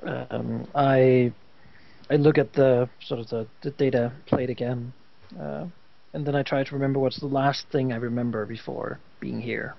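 A man's voice: medium pitch, steady tone, normal speed, gravelly. A man playing a tabletop game, speaking hesitantly with many restarts. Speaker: player. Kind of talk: tabletop role-play chat. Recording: dull lo-fi voice chat.

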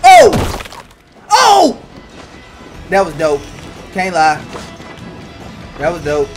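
Hyped, high-voiced gamer man. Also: slow. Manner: excitable, hyped, bursts into loud cheers and shouts; slangy and chatty, talks straight to viewers. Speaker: gamer playing through a video game. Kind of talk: casual let's-play commentary. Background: game music and sound effects.

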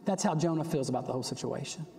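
A man preaching a sermon in a church, animated, acting out the prophet's complaints with a rising voice. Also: medium pitch, rapid-fire, gravelly. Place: church sanctuary. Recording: long reverb of a church hall.

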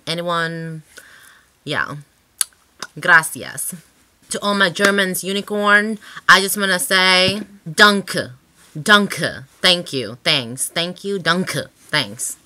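A woman's voice: fairly low pitch, sharp tone. A woman hosting her own channel in a casual vlog chat, rambling and sassy, swearing freely with lots of filler words. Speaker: channel host.

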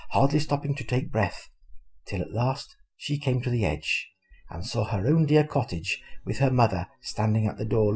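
An older man reads a children's storybook aloud to his grandchildren. His voice is gravelly and husky, and it rises and falls with lively expression. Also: medium pitch. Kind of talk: storybook reading.

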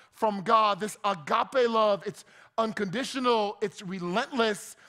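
A man's voice: high-pitched, a bit bright. A man from New Jersey preaching a sermon in a conversational, joking way, often restarting his words. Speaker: pastor.

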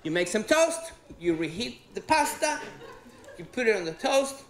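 A man from Venezuela with a Venezuelan accent and Spanish as his first language, performing a sweary, animated stand-up routine on stage. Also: sits high, moderate pace. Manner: animated, swearing, rising to exclaim. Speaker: stand-up comedian. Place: stage in a comedy venue with live audience. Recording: roomy live venue sound.

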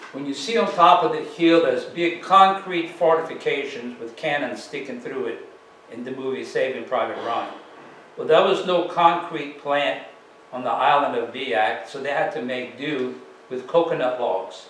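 A man giving a slide presentation to an audience, telling it in an unhurried, folksy way with plenty of fillers. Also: medium pitch, a bit bright, slight background noise. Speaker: author giving a library talk. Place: public library meeting room. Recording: roomy, distant mic with faint ambience.

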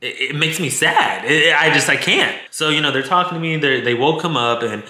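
A man's voice: a little high, lively intonation, brisk, sharp tone. A man telling a personal story to his viewers in a candid, emotional way, swearing freely and stumbling over his words. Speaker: storytime vlogger. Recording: echoey room sound.

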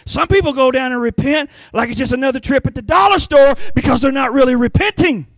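A man delivers a Pentecostal sermon with a strikingly high, bright, piercing voice. He drops to hushed asides, then climbs to impassioned shouts. The sound is close and dry. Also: fairly quick, dry recording. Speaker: preacher. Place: church sanctuary.

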